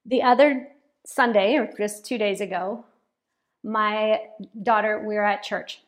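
Woman pastor, sermon, fairly high voice, animated, repeats key words. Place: church, speaking to a congregation and online chat.

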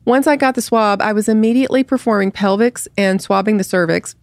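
A woman's voice: mid-range voice, brisk, no echo. A woman co-hosting a podcast, chatting casually and reading a satire article aloud, laughing often. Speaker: podcast co-host.

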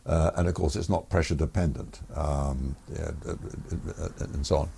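A man's voice: rumbling low, fairly even intonation, moderate pace, creaky, warm tone, slightly rough. An older man, a former air force pilot, telling stories in an interview in a rambling, hesitant way. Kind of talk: anecdotal storytelling in a podcast interview.

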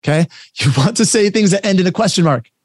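A man runs a live training session over a video call, talking fast and energetically as he acts out little client conversations. The sound is close and dry, with no room around it. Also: sits high, expressive, no echo. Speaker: real estate trainer. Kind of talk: live online training talk.

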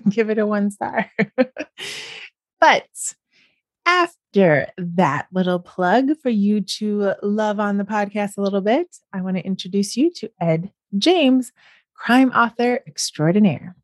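A woman's voice: mid-range voice, animated, takes it slowly, no room sound, studio quality. A woman from the United States hosting a podcast, chatting casually and laughing often. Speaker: podcast host.

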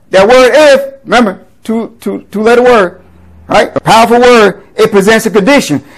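The audio is poor, and the male pastor's voice is very high-pitched. Reading scripture and explaining it in a conversational sermon, he keeps pausing for quick rhetorical questions.

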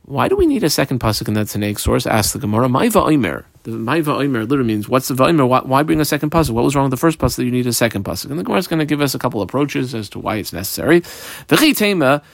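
A man's voice: mid-range voice, big pitch swings, very fast, vocal fry, no echo. Man teaching a Talmud page, dry sound. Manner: explains step by step, translates Hebrew and Aramaic phrases as he reads; reads text aloud in Ashkenazi Hebrew pronunciation. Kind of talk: daf yomi Talmud lesson.

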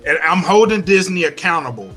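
A man's voice: a little high, very animated, a little fast, sharp tone, soft background music. A man from Louisiana with a Louisiana accent, co-hosting a casual podcast and ranting with heavy profanity and lots of repeated phrases. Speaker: podcast co-host.

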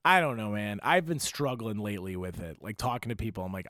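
A man's voice: mid-range voice, very animated, brisk, a bit bright, no room sound, studio quality. A young man hosting a podcast, telling stories in a rambling, filler-heavy casual chat. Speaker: podcast host.

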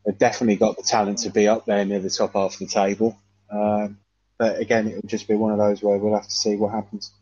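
A man in casual football chat, hesitant and measured, often repeating himself. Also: lowish voice, level tone, a little mellow, no echo. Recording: dull dry lo-fi sound.

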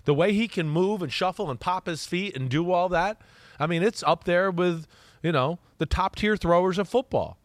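This studio-quality, echo-free recording features a man whose voice sits high, speaking at a normal pace. A co-host and football analyst on a casual podcast, he tells animated stories, quotes players himself, and frequently asks "right?"

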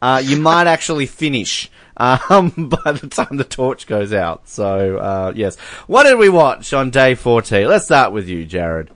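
A man's voice: mid-range voice, big pitch swings, a little slow, a bit bright, dry recording. Joking man on a dry mic. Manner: joking, rambling, with many fillers. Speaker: podcast co-host. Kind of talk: casual sports chat.

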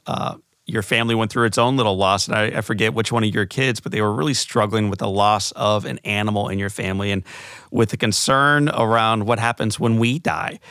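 A man's voice: on the low side, a bit bright, clean tone, no room sound, clean studio sound. A man hosting an interview, asking questions in a friendly, attentive way. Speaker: interview host. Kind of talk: conversational interview.

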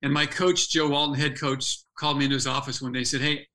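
A man's voice: mid-range voice, flat delivery, quick pace, bright, forceful tone, low-quality recording. An older man, a former athlete turned speaker, earnestly telling a personal story as a podcast guest, restarting his phrases as he goes.

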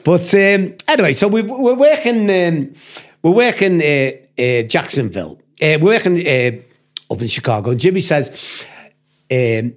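A man's voice: on the high side, expressive, normal speed. An older man with a Liverpool accent telling a long, sweary story in casual chat, acting out quoted voices. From Liverpool, England. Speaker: podcast guest storyteller.

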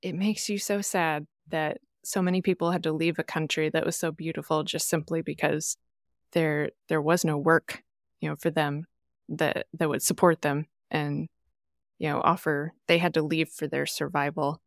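A woman's voice: deep voice, moderate pace, dry recording, clean studio sound. A woman from the American Midwest, a podcast guest chatting casually and acting out the people she quotes. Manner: animated storyteller, acts out quoted voices.

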